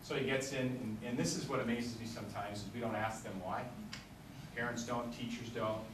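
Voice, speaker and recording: A man's voice: mid-range voice, steady tone, fairly quick, noisy background. A man giving a conference talk, telling anecdotes and acting out the dialogue as he goes. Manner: storytelling, acts out quoted dialogue. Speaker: symposium speaker. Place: lecture room. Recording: echoey room, distant mic.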